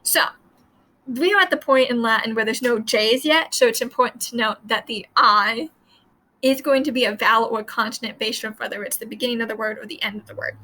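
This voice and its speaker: Woman Latin teacher, high and bright, casual chatty explainer who sounds words out. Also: fairly quick, poor audio.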